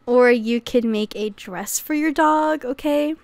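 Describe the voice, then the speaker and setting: A woman's voice: on the high side, unhurried, vocal fry, clean tone, dry recording. A young woman vlogging casually to camera about crochet patterns, chatty and prone to fits of laughter. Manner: giggly, bursts into laughter, says okay often.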